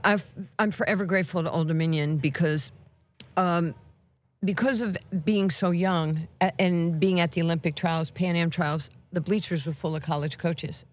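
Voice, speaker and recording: A woman in her sixties with a New York accent tells stories with a lot of energy, slipping into quick voices for the people in them. Her voice sits a little low for a woman, and she breaks into laughter often. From Brooklyn, New York. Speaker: guest. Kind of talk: animated storytelling.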